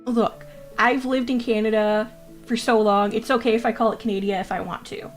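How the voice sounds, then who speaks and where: A woman's voice: a little high, fairly even intonation, normal speed, faint music behind. A woman streaming casually, reading chat aloud, joking crudely and laughing often, often repeating her own phrases. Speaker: VTuber streamer.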